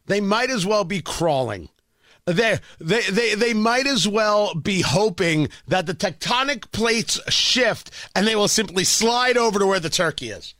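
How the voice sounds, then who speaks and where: Lively, bright-voiced man hosting radio. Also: sits high, a little slow, no echo, clean studio sound. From New York / New Jersey area. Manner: animated, self-mocking storytelling. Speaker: radio talk show host. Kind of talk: radio monologue.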